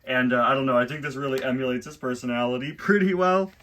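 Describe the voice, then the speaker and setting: Bright-voiced chatty man reading aloud. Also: mid-range voice, fairly even intonation, fast talker. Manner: chatty and wry, with frequent laughs and asides. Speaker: host reviewing a children's book. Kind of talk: casual commentary, reading aloud.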